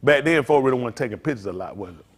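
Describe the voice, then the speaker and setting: A man's voice: mid-range voice, expressive, fast talker, big-room sound. An older man, a pastor, teasing a group and telling funny stories in a loose, joking way. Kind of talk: comedic storytelling to a group.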